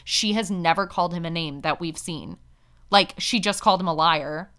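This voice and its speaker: A woman's voice: fairly low pitch, moderate pace, a bit bright. A woman hosting a casual recap commentary, talking candidly and chattily with lots of "like" and little laughs at her own points. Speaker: podcast host recapping a reality show. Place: indoors, street sirens nearby.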